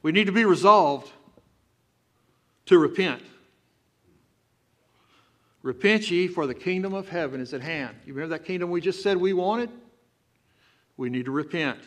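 A man's voice: sits high, animated, normal speed, long pauses, a bit bright. A man with a Texan accent, preaching a sermon as pastor and breaking into emphatic, rising outbursts. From Texas. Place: church sanctuary.

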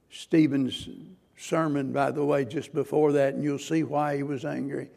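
A man's voice: a little high, steady tone, measured pace, gravelly, mellow. A man preaching a sermon as pastor, earnest and questioning, pressing his listeners with rising, emphatic points.

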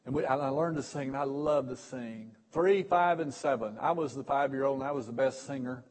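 A man preaching a sermon, telling folksy, self-mocking stories and repeating his words as he goes, with sudden loud bursts. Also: mid-range voice, steady tone, fairly quick, poor audio. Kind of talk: storytelling sermon.

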